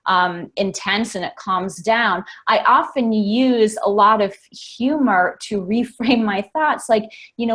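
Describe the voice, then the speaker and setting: A woman coach speaking as an interview guest. She explains at a steady, measured pace, with plenty of ums and you-knows. Her voice is mid-pitched. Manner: measured explainer with frequent fillers.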